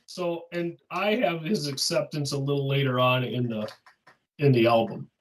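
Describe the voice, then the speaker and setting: A man co-hosting a podcast in casual chat, walking through an album song by song and dropping quick agreeing words. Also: medium pitch, recorded from a distance, low-quality recording. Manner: walks through songs one by one, agreeable interjections. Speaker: podcast co-host.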